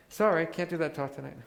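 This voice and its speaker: A man giving a live talk to an audience, animated and joking as he acts out examples. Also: on the high side, gravelly. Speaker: workshop speaker. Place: large hall with audience. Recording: hall reverb.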